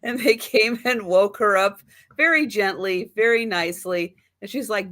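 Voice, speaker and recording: A woman's voice: mid-range voice, normal speed, fairly bright tone. A woman guest casually retelling a funny moment, laughing lightly. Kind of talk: casual chat.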